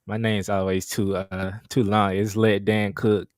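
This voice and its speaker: A man dropping into a livestream as a guest, chatting casually and making dry, deadpan jokes. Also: fairly low pitch, a little slow. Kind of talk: casual chat.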